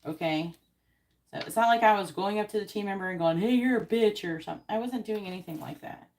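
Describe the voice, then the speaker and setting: A woman's voice: medium pitch, quick pace, darkish tone, slight background noise. A woman who hosts tarot readings, telling a story in an indignant, casual rant full of swearing and fillers. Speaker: tarot card reader host.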